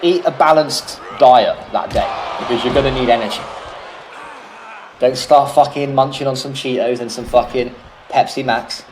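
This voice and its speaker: A British man calls a wrestling video game match alone in a mid-pitched voice, chatty and loose. He swears freely and wanders off into jokey tangents. A steady hiss of background noise runs beneath his voice. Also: normal speed, low-quality recording. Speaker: solo commentator. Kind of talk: casual play-by-play commentary of a wrestling video game.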